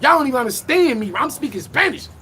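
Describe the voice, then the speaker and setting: A young man rants about his craft. His voice sits high and swings widely as he brags, repeats lines and bursts into shouts. Faint noise hums under the recording. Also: animated, quick pace. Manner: boastful, emphatic, repeats lines, breaks into shouting. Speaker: battle rapper recapping his match. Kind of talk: animated live-stream rant.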